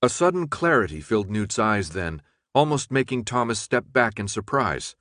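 A man's voice: fairly low pitch, very animated, moderate pace, fairly bright tone, no room sound. Man narrating an audiobook, dry close sound. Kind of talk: scripted narration.

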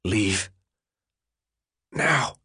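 A man voicing a sick, angry teenage boy, with a scratchy, wheezy voice that jumps from weak croaks to high yells. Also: big pitch swings, very slow, no room sound, clean studio sound, full character voice. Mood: furious.

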